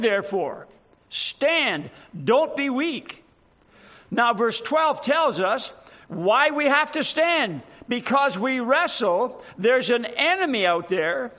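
A man's voice: extremely high pitch, pushed and bright, dull audio. Emphatic preacher in his eighties. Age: 80s. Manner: emphatic, repetitive exhortation with long pauses. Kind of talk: sermon.

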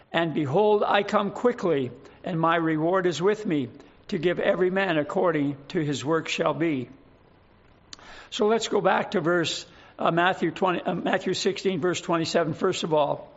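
A man preaching a sermon as pastor, praying and reading scripture aloud in a measured way. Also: sits high, highs cut off. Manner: prayerful, measured, reading scripture in King James wording.

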